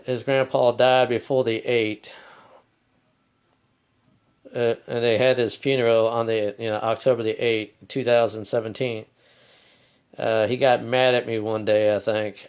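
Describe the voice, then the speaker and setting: A man rambles through a casual vlog monologue. He keeps stopping to correct himself and apologize, and now and then talks about himself in the third person. His voice sits at a middling pitch and sounds smooth and clear. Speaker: channel host.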